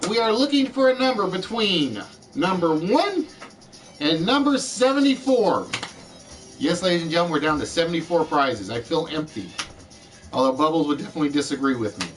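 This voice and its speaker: A man hosting a live-streamed chat game show, with showy, drawn-out announcing. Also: high-pitched, a bit bright, recorded from a distance.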